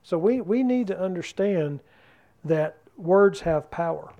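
High-voiced man teaching a Bible class. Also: expressive, measured pace, dull audio. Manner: keeps asking the group questions.

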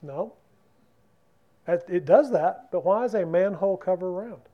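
A man's voice: sits high, a little slow, highs cut off. A man teaching a Bible study in a church class room, talking conversationally and keeping the group involved by asking them questions.

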